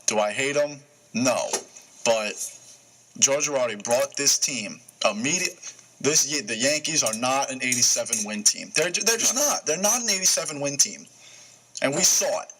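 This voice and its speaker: A man's voice: medium pitch, a bit bright, low-quality recording. Young male sports host, emphatic. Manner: emphatic, asks and answers his own questions. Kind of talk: casual sports radio talk.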